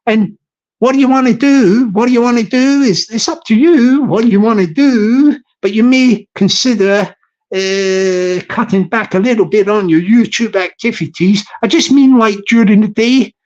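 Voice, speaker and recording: A man's voice: high voice, normal speed, darkish tone, dull audio. A Scottish man live-streaming from his phone, chatting jokily in a put-on American accent and repeating his phrases. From Scotland. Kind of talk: casual live-stream chat.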